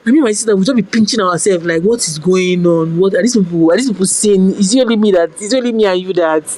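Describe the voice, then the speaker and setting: Guesting on a podcast, a Nigerian woman animatedly recounts something from her own life, mixing in pidgin and often starting her sentences over. She speaks quickly at a medium pitch, and the audio is poor.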